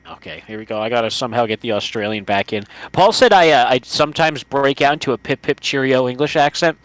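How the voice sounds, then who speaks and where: A man co-hosting a game playthrough in casual banter, animated and swearing freely. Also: medium pitch, fast talker, no room sound. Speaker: co-host playing a game.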